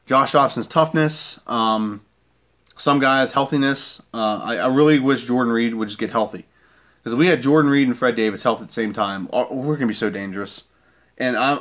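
A man's voice: mid-range voice, a bit bright. A man giving a heated sports-fan rant, repeating his points and asking "okay?" again and again. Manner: irate, repeats himself, keeps asking "okay?".

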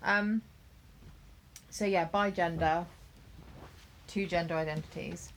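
A woman's voice: lowish voice, fairly even intonation, slow, slight background noise. A woman co-hosting a casual podcast chat, working through a list of terms in a chatty way and laughing easily. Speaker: podcast co-host.

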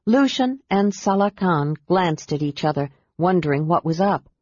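A reader narrating a fantasy novel in a steady, even storytelling voice. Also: mid-range voice, moderate pace, dry recording. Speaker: audiobook narrator. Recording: dull, dry audiobook sound.

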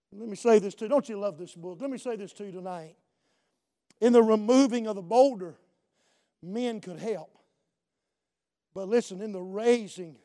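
Male preacher with a very high voice; shouts his points and drops low for asides, pausing on "Amen.". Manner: swings between loud shouted preaching and low quiet asides; punctuates with "Amen" and calls to the congregation. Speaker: pastor. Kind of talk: sermon.

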